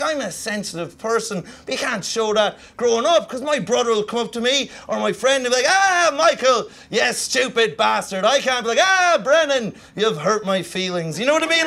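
A young Irish man from Kilkenny doing stand-up in a comedy club, rambling fast and tagging lines with "you know what I mean". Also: extremely high pitch, bright, forceful tone, slight background noise. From Ireland. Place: comedy club stage with laughing audience.

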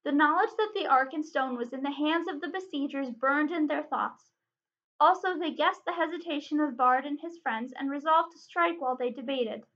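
Bright-voiced woman reading a storybook aloud. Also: high-pitched, normal speed. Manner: expressive, dramatic reading. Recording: dull lo-fi recording.

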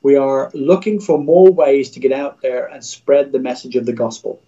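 A man's voice: mid-range voice, fairly even intonation, moderate pace, warm tone, lo-fi sound. A middle-aged man, a Christian radio executive, speaking as a guest in a livestream interview over a video call, in an earnest, preacher-like way with repeated phrases.

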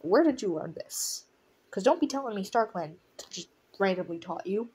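A woman's voice: mid-range voice, animated, normal speed, darkish tone, slight background noise. A woman reading a fan story aloud, breaking off to laugh and react to it. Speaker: audiobook reader of a fan story. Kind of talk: casual reading with commentary.

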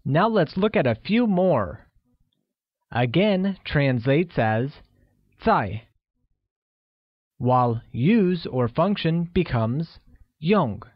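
Slow, upbeat male language-lesson narrator. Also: on the high side, big pitch swings, no room sound. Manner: slow, deliberate, upbeat praise. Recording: dry, dull lo-fi studio audio.

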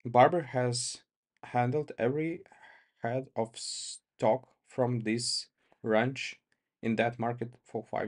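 A man's voice: medium pitch, a little mellow, natural voice. A man voicing a firm, commanding woman who owns a ranch, speaking steadily and insistently in a story reading.

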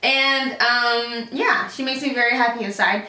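A woman's voice: fairly high pitch, flat delivery, unhurried, sharp tone. A young woman vlogging casually to camera, rambling with lots of fillers and slang. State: out of breath. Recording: echoey room, far from mic.

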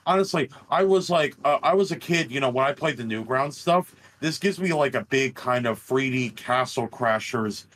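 Man, casual co-host, lively and profane, average pitch. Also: moderate pace, hardly any pauses. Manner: animated, swears and laughs often. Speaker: podcast co-host. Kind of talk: casual chat.

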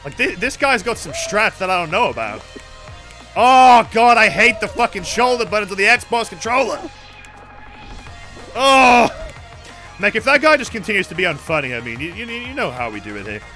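A British man giving casual live commentary while streaming a game, swearing freely and yelling at the other players. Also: high voice, quick pace, few pauses, faint music behind. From Britain. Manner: profane, excitable, yells at other players.

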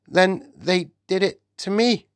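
A sensible young boy mouse explains things patiently, in a raised and lively voice, played by a man reading an audiobook. The delivery is slow and the sound close and dry. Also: high voice, no room sound, pitched above the performer's own voice. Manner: patient, matter-of-fact, explaining.

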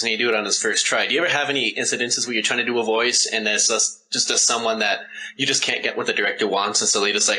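A man's voice: medium pitch, fast, pushed and bright, rough recording. A man hosting an interview, asking questions in an eager, chatty way. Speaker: interview host.

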